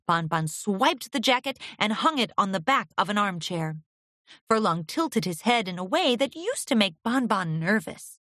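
A woman narrating a pony fan fiction story aloud in a steady, expressive storytelling manner. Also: medium pitch, normal speed, no room sound, clean studio sound.

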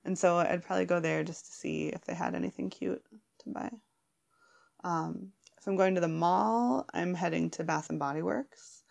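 A woman's voice: fairly low pitch, moderate pace, gravelly, darkish tone. A woman answering questions in a casual chat, rambling and giggling between thoughts. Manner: giggly, rambling, many fillers and restarts.

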